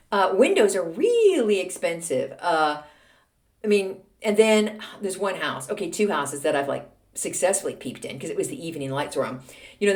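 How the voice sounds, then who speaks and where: Sixties lady from texas hosting her podcast, chatty and ranty, super animated ups and downs. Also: medium pitch. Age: 60s. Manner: chatty, ranting, self-mocking. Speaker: podcast host. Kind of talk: casual monologue.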